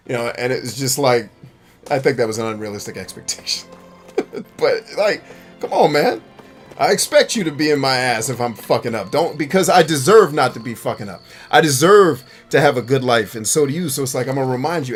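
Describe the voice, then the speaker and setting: A man hosting a live stream in casual chat, talking bluntly and profanely, laughing often and bursting into shouts when he acts out a scene. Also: medium pitch, expressive, fairly quick, soft background music. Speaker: streamer and gaming show host.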